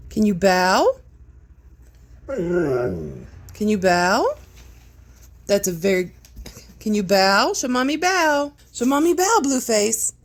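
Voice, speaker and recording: A woman talking baby talk to her dog in a cooing, teasing, sing-song way. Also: medium pitch. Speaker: dog owner.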